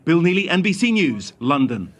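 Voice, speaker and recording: Male TV news correspondent, high voice, clipped scripted report. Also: sing-song, normal speed. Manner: crisp, clipped news delivery.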